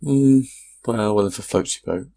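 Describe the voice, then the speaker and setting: Deep gravelly British man. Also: normal speed, dark tone. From Britain. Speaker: podcast co-host. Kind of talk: casual chat.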